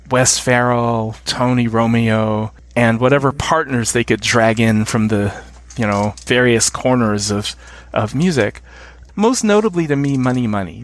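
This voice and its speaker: A man's voice: medium pitch, dry recording. A middle-aged man with an American accent, a guest chatting casually in an interview, enthusiastic and chuckling often. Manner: enthusiastic, chuckles often, hums tunes while explaining. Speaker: podcast guest.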